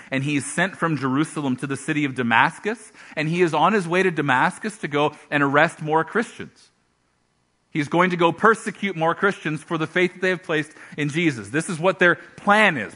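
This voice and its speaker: A male pastor preaching a sermon, telling a Bible story with animated storytelling and acted-out voices. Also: fairly high pitch.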